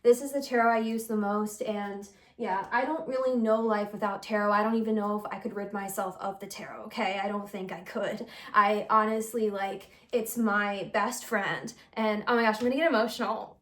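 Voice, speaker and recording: A woman's voice: medium pitch, fairly even intonation, normal speed, hardly any pauses, a bit bright. A young woman who reads tarot, chatting casually to camera in a rambling, confessional way, full of fillers and giggles. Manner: earnest and confessional. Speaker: tarot reader and channel host. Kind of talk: casual vlog chat.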